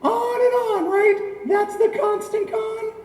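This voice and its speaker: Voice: extremely high pitch, steady tone, takes it slowly, darkish tone. A performer voicing a brash, mocking orange-faced puppet in a roomy, echoing space. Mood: teasing, boastful. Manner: teasing, boastful. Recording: roomy echo, long reverb.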